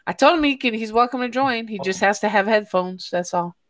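A woman's voice: a little high, a little fast, fairly bright tone. A woman from Chicago co-hosting a casual podcast, blunt and swearing, drawing out words for emphasis. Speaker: podcast co-host.

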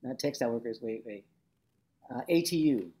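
An older woman with a notably low voice reflects on her teaching years in an interview. She tells stories with animation and slips into the voices of the people she quotes. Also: animated, normal speed, mellow. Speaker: interviewee, former labor educator. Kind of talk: reflective oral-history interview.

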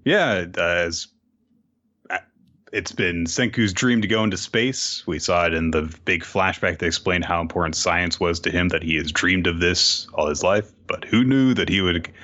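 A man casually recapping manga chapters on a podcast, swearing a little and laughing often, breaking into squeaky voices to act out what the characters say. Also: measured pace, bright, forceful tone, muffled recording. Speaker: podcast co-host.

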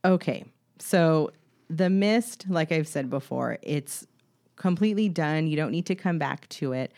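A woman making her case in a casual podcast debate, in a steady, measured way with some fillers. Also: sits low.

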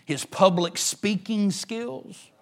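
A middle-aged man, preaching a sermon as pastor, swinging between emphatic rises and hushed near-whispers. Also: high voice, animated, takes it slowly.

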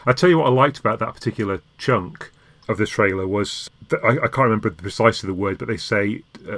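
A man's voice: lowish voice, fast talker, fairly bright tone, no room sound. A man from Yorkshire hosting a casual podcast chat, often repeating words as he starts a sentence. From Yorkshire, England. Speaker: podcast host.

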